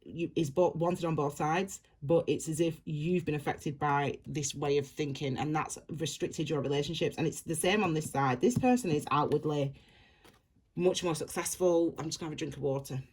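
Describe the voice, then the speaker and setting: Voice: mid-range voice, normal speed, slightly rough. Rambling tarot reader, repeating phrases. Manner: reassuring, direct address to viewer. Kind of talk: casual spoken tarot reading.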